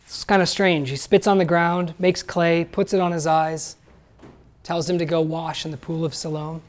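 A man's voice: fairly high pitch, level tone, moderate pace. A man preaching a sermon to his congregation, talking plainly and asking the listeners questions. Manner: conversational, asks the listeners questions. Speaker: pastor.

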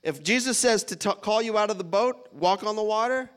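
A man's voice: high voice, brisk, smooth. A man preaching a casual sermon, reading scripture and adding playful asides with a laugh now and then.

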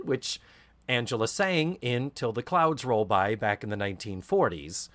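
A man co-hosting a podcast in casual chat, telling stories in an animated, profane way. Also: mid-range voice, a little slow. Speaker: podcast co-host.

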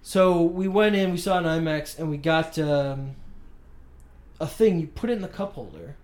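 Guy on a podcast, voice a bit high, rambly and animated, laughs a bunch. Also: moderate pace. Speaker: podcast co-host. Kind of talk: casual chat.

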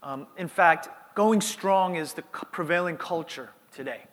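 Middle-aged pastor from New York, earnest and high-pitched, with long hall reverb. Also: male voice, unhurried, a bit bright. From New York, United States. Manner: earnest, repeats words while building up. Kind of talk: sermon.

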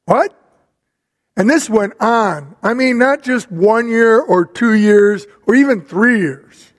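A middle-aged man preaches in an unhurried storytelling way, leaning on pauses between phrases. His voice sits high for a man. A long hall reverb hangs behind every phrase. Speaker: pastor. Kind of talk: sermon.

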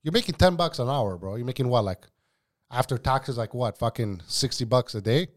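A man tells restaurant stories in casual, profane chat. His voice sits at a middle pitch, and he keeps calling his friend bro. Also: expressive, brisk. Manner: profane, storytelling, says bro a lot. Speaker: podcast guest, former cook.

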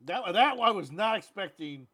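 Male podcast co-host, mid-high voice, animated and jokey, casual. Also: normal speed. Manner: jokey, animated, slips into silly put-on accents. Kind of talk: casual banter about movies.

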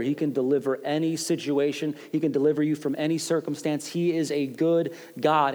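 Male pastor, thirties, bright-pitched, animated storytelling sermon, echoing church hall. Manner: animated, playful storytelling with mock quotes. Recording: long hall reverb.

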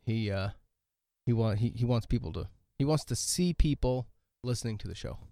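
A man's voice: medium pitch, lively intonation, moderate pace, dark tone, no echo, studio quality. A man hosting a podcast in casual chat, teasing his guest and drifting between thoughts. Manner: teasing, chatty, drifts mid-sentence. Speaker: host.

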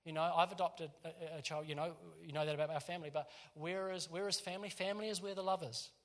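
A man preaching to his church, his voice pitched high for a man and ringing bright. He tells street stories in a lively, conversational way and breaks into laughter often. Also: fast talker. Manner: animated storytelling, laughs often. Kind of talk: sermon.

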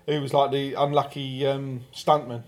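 A man's voice: mid-range voice, flat delivery, normal speed. A man with a southern English accent co-hosting a podcast in casual chat, agreeable and full of yeahs. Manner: chatty, agreeable, lots of yeahs. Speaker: podcast co-host.

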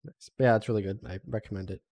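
A man's voice: fairly low pitch, steady tone, warm tone, lo-fi sound. A man in a casual chat among friends, rambling with lots of fillers. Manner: quick, rambling, filler-heavy.

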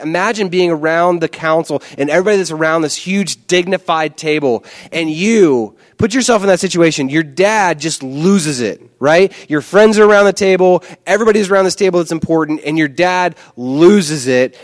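A man with a fairly high voice preaches in a relaxed, conversational way. He leans on emphasis and repeats words to drive points home, shifting between quick asides and slow, weighty phrases. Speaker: pastor. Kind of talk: sermon.

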